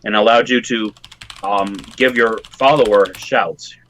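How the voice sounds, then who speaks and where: A man with a Minnesota accent chatting casually as a guest, halting and chuckling through his stories. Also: fairly low pitch, steady tone, fairly bright tone, a little hiss or hum. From southern Minnesota. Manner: halting, laughs at own stories. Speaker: guest, mod user. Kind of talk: casual chat.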